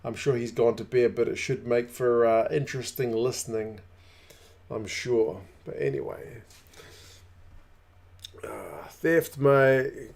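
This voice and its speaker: A man's voice: medium pitch, measured pace, darkish tone. A man hosting a live rugby watch-along, chatting casually, rambling and greeting viewers by name. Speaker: rugby channel host.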